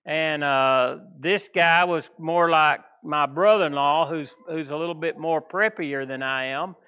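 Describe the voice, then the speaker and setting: Folksy East Texas preacher, high and bright. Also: male voice, unhurried, clean tone. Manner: folksy, rambling, plainspoken with country phrasing. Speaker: pastor. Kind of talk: informal sermon.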